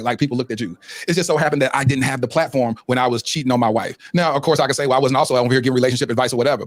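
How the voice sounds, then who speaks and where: Fast-talking earnest man, dry sound. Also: mid-range voice, no echo. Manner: earnest, preacherly, emotional. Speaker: podcast host. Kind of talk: earnest podcast talk ending in prayer.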